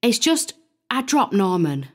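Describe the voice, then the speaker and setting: A man voicing an anxious young mother in an audiobook, speaking softly and hesitantly as he reassures her son. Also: sits high, big pitch swings, unhurried, voice pushed up, heavily acted. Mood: reassuring. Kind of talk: audiobook character voice.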